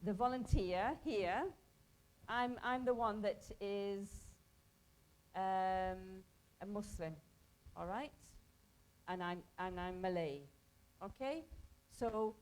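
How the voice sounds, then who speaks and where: A woman's voice: medium pitch, slow, long pauses, a little mellow, rough recording. A woman from Pakistan teaching a hospital volunteer workshop, talking conversationally and quizzing the group in a training room.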